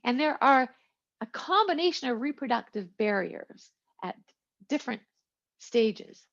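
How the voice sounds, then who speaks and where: A woman's voice: a little high, big pitch swings, a little slow, creaky, a bit bright. A woman teaching a biology lecture in a chatty style, with asides and small jokes. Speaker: biology instructor. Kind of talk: recorded lecture. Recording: lo-fi, muffled recording.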